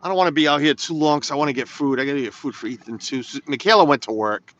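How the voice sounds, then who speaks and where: A man's voice: mid-range voice, rapid-fire, fairly bright tone. A man chatting casually to viewers while driving in snow, rambling and reading comments aloud. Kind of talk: casual live-stream chat from a car. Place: inside a car on snowy roads. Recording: slightly dull lo-fi phone audio.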